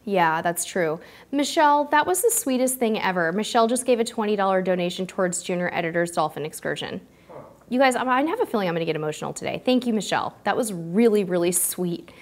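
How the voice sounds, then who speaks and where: A woman's voice: mid-range voice, lively intonation, quick pace. A woman hosting a live cruise-advice stream, answering viewer questions and thanking supporters in a chatty, heartfelt way. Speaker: cruise show host. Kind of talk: live-stream Q&A, casual chat.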